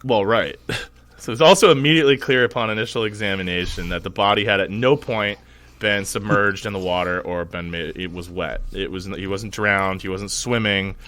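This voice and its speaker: A man's voice: on the low side, normal speed, fairly bright tone. A young man co-hosting a podcast in casual chat, rambling with many fillers and laughing easily. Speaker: podcast co-host.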